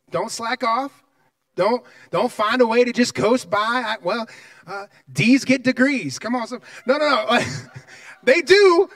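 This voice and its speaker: A man preaching a sermon, telling a personal story in an animated way and acting out its scenes. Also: high voice, no echo, distant mic. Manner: animated, acts out scenes and voices in his story.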